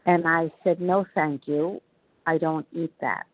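New York woman, 70s, unhurried earnest testimony, dry close sound over a phone. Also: low voice, steady tone, dry recording. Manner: slow, measured, earnest storytelling. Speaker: recovery meeting speaker. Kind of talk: personal testimony. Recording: tinny phone line.

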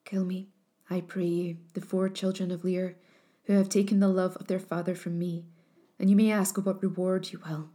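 A jealous enchantress stepmother, solemn and incantatory as she lays down her curse, read by a woman. The voice is mellow and warm, with a dark, soft edge. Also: fairly low pitch, level tone, moderate pace, close to an everyday voice. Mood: coaxing. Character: jealous enchantress stepmother, cursing then remorseful.

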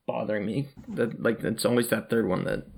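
A man's voice: lowish voice, fairly quick, gravelly, slight background noise. A man co-hosting a podcast who talks about a movie in a wry, offhand way, often trailing off mid-thought. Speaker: podcast co-host. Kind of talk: casual movie-review chat.

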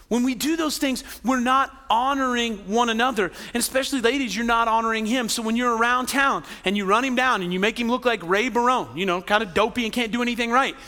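Pastor, male, high bright voice, chatty sermon with jokes, big reverberant hall. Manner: conversational, joking asides, tag questions.

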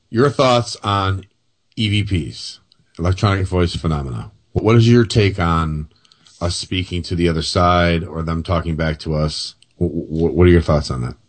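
A man hosting an interview, asking enthusiastic, stumbling questions. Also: low voice. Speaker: podcast host.

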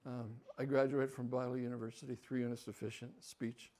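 With a mid-range voice and a fairly quick delivery, this older guest speaker recounts a personal tale. He keeps it lively, alternating soft side remarks with loud, animated outbursts.

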